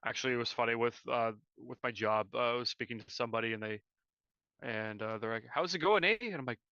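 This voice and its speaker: Man co-host, casual rambling hockey chat, bright and crisp, dry dull sound. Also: mid-range voice, level tone, fast, no echo. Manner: rambling, filler-heavy, self-correcting. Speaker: podcast co-host. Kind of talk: casual live-stream chat.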